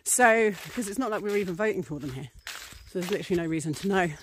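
Talking casually to camera, this English priestess and vlogger has an expressive, medium-pitched voice and speaks fast over slight background noise. Her chat is rambling and full of fillers like um, and she voices small acted-out scenes.

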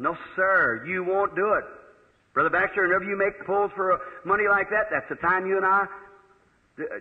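A man preaching a sermon, telling a story in a folksy, animated way. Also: high voice. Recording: old lo-fi reverberant hall recording.

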